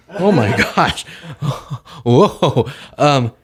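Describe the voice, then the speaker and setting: A man hosting a political commentary show, talking casually with animated sarcasm. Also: mid-range voice, normal speed.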